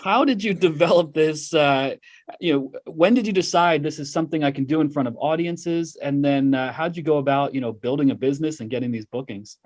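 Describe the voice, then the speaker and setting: A man's voice: fairly high pitch, a little fast. Man host asking questions casually. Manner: conversational, hesitant fillers. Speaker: podcast host.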